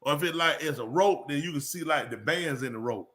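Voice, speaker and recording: A man's voice: fairly high pitch, a little fast. A man hosting a live call-in show, joking and teasing, a bit congested. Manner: joking, teasing, loud playful outbursts. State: congested sinuses. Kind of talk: casual live call-in banter.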